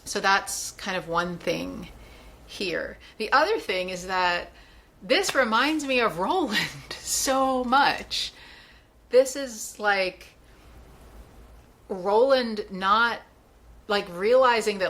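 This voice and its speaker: A woman's voice: medium pitch, expressive, takes it slowly, fairly bright tone. Woman reading and musing on a novel. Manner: thinks aloud with many filler words. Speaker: book club host. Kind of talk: reading a novel aloud and discussing it.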